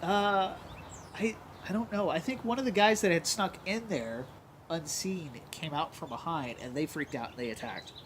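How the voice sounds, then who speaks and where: A man casually recounting a live-action role-play adventure, animated and quick to jump into voices. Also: fairly high pitch, background noise. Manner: animated, jumps into voices while retelling. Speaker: larp player recounting a game. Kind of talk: casual storytelling chat.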